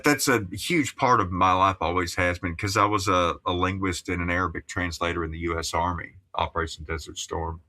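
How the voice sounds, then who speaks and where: Low, forceful-voiced guest musician in his fifties. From Appalachia, USA. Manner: digressive, chatty, lots of you-knows and restarts; deliberately careful broadcast English. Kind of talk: casual interview chat.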